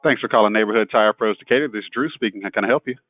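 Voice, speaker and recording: A man's voice: lowish voice, very fast, dry recording. A man playing a tire shop service rep in a practice call, polite and scripted. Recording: dry, tinny phone-like line.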